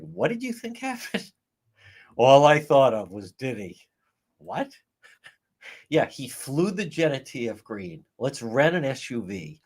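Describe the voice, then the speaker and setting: Animated ranting livestream host, man. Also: medium pitch, breathy edge. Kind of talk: casual livestream commentary.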